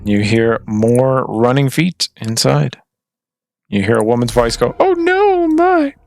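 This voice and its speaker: Game master, male, gravelly, dry close mic. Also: medium pitch, steady tone, measured pace, dry recording. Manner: describes scenes and puts on short shouts for characters. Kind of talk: narrating a tabletop game.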